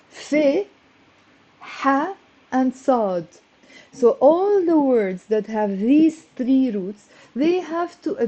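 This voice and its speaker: A woman teaches Arabic on a live stream, chatty and encouraging as she greets viewers and drills words slowly. Her voice sits fairly high yet sounds mellow and soft-edged. The audio is dull and lo-fi, like a typical stream. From Lebanon. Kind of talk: live-streamed language lesson.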